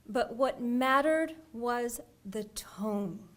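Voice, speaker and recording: A woman poet reads her work aloud at an unhurried, lingering pace. Her voice sits a little high, and she lets the ends of her phrases sink into a soft, breathy near-whisper. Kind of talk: poetry reading.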